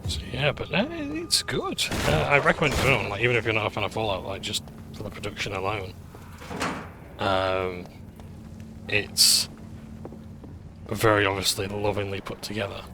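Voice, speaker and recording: A man gives casual commentary while he plays a game, rambling and hesitant. His voice is on the low side. Clear background noise sits under the recording. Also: animated, normal speed, pauses often. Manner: rambling, hesitant, full of fillers. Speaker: gaming channel host.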